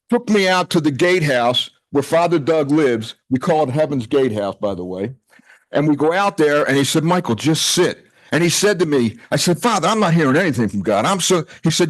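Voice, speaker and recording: A man in his sixties who presides over a retreat association addresses the gathering warmly and conversationally, quoting what people said. His voice is a little high. The recording is dry and low in quality.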